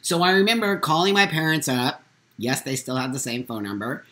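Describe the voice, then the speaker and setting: A man hosting a live morning talk show, telling a personal story in a candid, blunt and animated way. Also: mid-range voice, normal speed. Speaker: host.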